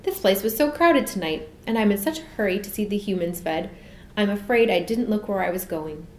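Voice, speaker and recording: A woman voicing a large, kindly lion who talks in a bluff, hurried way. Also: mid-range voice, lively intonation, echoey room, a little hiss or hum, close to an everyday voice. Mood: apologetic.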